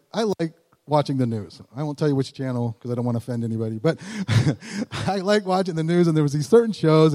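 Male preacher, chatty sermon delivery, slightly high voice with a mellow tone, long hall reverb. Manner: conversational, chuckles often, acts out quotes.

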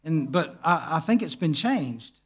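A man's voice: on the high side, big pitch swings, breathy edge, full character voice. A man doing his hesitant, unsure friend. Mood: uncertain. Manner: halting, tentative, self-correcting.

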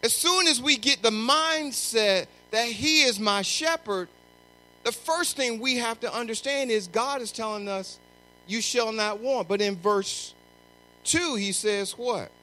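A middle-aged man preaching a sermon, emphatic and often shouting, repeating lines for stress. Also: extremely high pitch, unhurried, poor audio.

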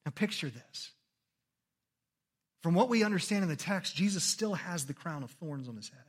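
A man's voice: sits high, expressive, fast talker. A man preaching a sermon as a pastor, earnest and conversational, often checking in with "okay?" and swinging his delivery dramatically when reading scripture.

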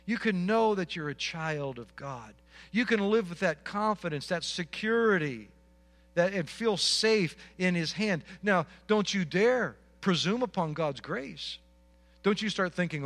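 A man's voice: on the high side, lively intonation, measured pace, fairly bright tone. A male pastor preaching a sermon in an earnest way, often repeating words and building to emphatic exhortations.

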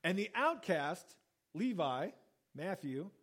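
A man with a high, light voice delivers a sermon in an easy, chatty manner. He reads a passage and then talks it through, slipping into little voices for quoted lines. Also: takes it slowly, husky. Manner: conversational, acts out quoted lines with lively pitch jumps. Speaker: pastor. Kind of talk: sermon, Bible reading and teaching.

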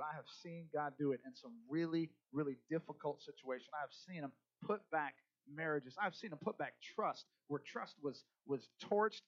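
A male pastor preaching a sermon, animated, swinging between loud emphasis and soft asides. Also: on the high side, no echo, muffled recording.

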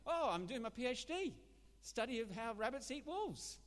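A sly little rabbit, put on by a man telling a joke, pushes his voice high and eager, coaxing his listener along. The pitch bounces all over the place. A long hall reverb trails each line. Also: sing-song, moderate pace. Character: cocky male rabbit doing a PhD, sly.

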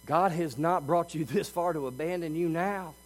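A high-pitched male pastor delivers a sermon, rising to loud, emphatic passages and then dropping to hushed, intimate asides. A faint mains hum sits under the recording. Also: normal speed, big-room sound, rough recording.

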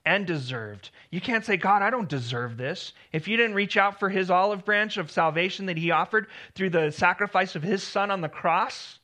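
A man delivers a sermon in a high, bright voice. He preaches earnestly and leans on repeated phrases for emphasis. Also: moderate pace, few pauses. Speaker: pastor.

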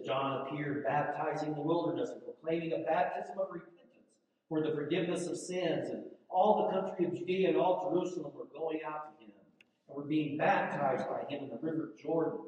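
A male pastor preaching a sermon, moving between loud, emphatic declarations and hushed, quieter asides. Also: on the high side. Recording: echoey hall, mic from a distance.

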